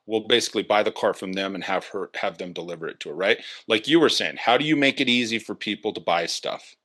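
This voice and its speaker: A male interview guest tells stories casually, animatedly acting out quoted dialogue in a lowish voice at a quick pace.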